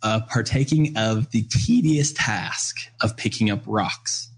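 A man's voice: on the low side, takes it slowly, slightly rough. A man telling a story and explaining an idea in casual conversation, earnest, with many "uh"s and "right?"s. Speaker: guest speaker on parenting.

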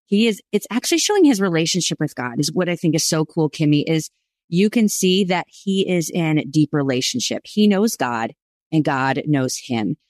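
A woman's voice: sits low, expressive, normal speed, a little mellow, dry recording, studio quality. Enthusiastic woman teaching scripture. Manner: enthusiastic, explanatory. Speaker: co-host. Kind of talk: Bible study podcast teaching.

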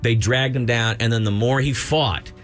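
Man co-host telling a lively story. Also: mid-range voice, normal speed, faint music behind. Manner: animated storyteller, acts out quoted voices. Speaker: radio show co-host. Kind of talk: casual storytelling chat.

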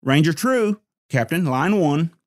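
A man voicing a twangy middle-aged woman secretary with a Texas accent, raised high above his own voice, in a narrated story. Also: brisk, a bit bright. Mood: brisk. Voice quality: twangy, hollering.

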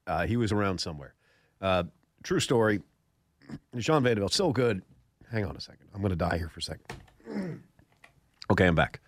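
A man's voice: lowish voice, sing-song, moderate pace, pauses often. A man hosting a golf radio show, telling stories and joking with a scratchy throat. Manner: jokey, laughs often while telling stories. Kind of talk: casual studio chat and storytelling. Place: radio studio.

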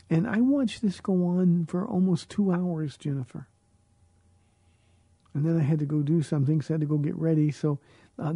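Earnest pastor, husky mellow voice. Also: male voice, a little high, no echo. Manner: earnest, repeats words while searching for phrasing. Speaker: pastor answering listener questions. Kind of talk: radio call-in Bible Q&A.

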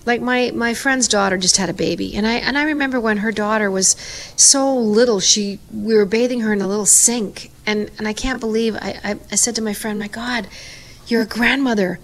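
A woman's voice: medium pitch, fairly quick. A woman co-hosting a podcast, telling stories in casual chat and acting out what others said. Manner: animated storyteller, acts out quotes. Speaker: podcast co-host.

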